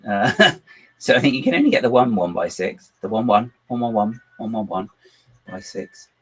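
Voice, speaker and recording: In poor audio, a man with a lowish, breathy-edged voice and big pitch swings speaks at a moderate pace. He hosts a casual home livestream while building models on his computer, rambling along, poking fun at himself, and addressing himself and his dog.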